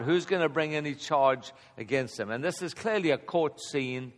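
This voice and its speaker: A man in his fifties teaching a Bible passage in a relaxed, conversational way, chuckling often and getting animated at key points. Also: mid-range voice, a little slow. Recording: long hall reverb.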